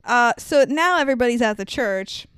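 A woman co-hosting a podcast, recapping a movie in casual chat, animated and quick to swear and laugh. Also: on the high side, smooth, no echo. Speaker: podcast co-host.

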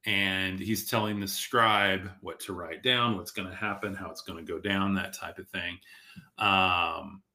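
Streaming from a tablet, a podcast host rambles through a casual livestream and reads the live chat aloud. His voice is low-pitched, steady, bright and forceful, with a measured pace, but a full day of talking has worn it down and he's losing it.

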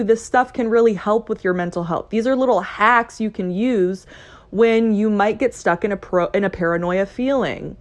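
A young adult woman hosting her own podcast, talking casually and playfully, cussing and acting out excited voices. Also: a little high. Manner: chatty, profane, playful, mimics excited voices. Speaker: podcast host. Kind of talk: casual solo podcast talk.

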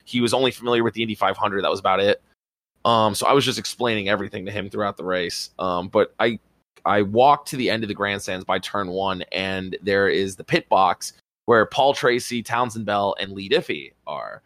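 A man telling a rambling, excitable story as a podcast co-host, swearing casually. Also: lowish voice, a little fast, no room sound. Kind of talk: casual chat.

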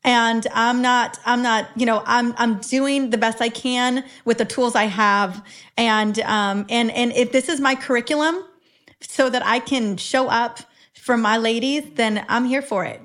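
Earnest, fairly high-voiced woman in her forties. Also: steady tone, unhurried, fairly bright tone. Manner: earnest, reflective, frequent restarts. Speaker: guest, women's health expert. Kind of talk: casual conversation.

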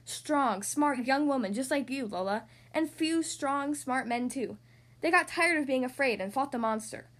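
A woman voicing a grumpy older male building superintendent in a read-aloud storybook, gruff and grumbling. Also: extremely high pitch, animated, moderate pace, a bit bright. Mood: solemn.

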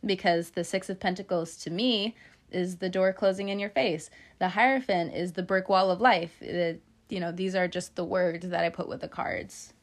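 A woman's voice: fairly low pitch, fairly even intonation, moderate pace. Chatty, playful woman reading tarot. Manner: chatty, playful, laughs often, swears casually. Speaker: tarot reader.

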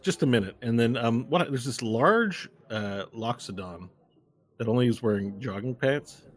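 Relaxed man narrating a tabletop game. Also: lowish voice. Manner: relaxed, meandering. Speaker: game master.

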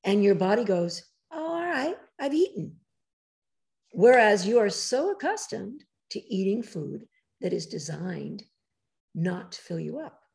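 A woman author as a podcast guest, talking casually but emphatically, lecturing in quick bursts, her voice rough in the morning. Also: medium pitch, lively intonation, a little mellow. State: morning voice, throat clearing.

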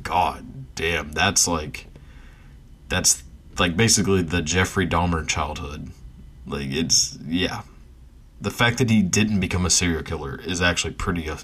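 A man's voice: low-pitched, fairly bright tone, slightly rough. A man ranting bluntly and profanely in a casual monologue, often laughing between his points. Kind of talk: casual rant.

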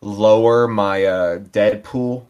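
A man's voice: lowish voice, steady tone, takes it slowly, a little mellow, clear, resonant tone, highs cut off. A man co-hosting a podcast in casual chat, jokey and playful, always doing bits. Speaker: podcast co-host.

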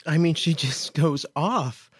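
A man's voice: on the high side, slow, a little hiss or hum. A man from Kansas hosting a show, commenting casually with chatty asides and incredulity. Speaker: show host.

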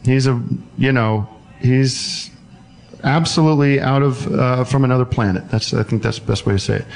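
A man hosting a comedic call-in show, deadpan and mock-pompous with callers. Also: mid-range voice, moderate pace, creaky. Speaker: host.

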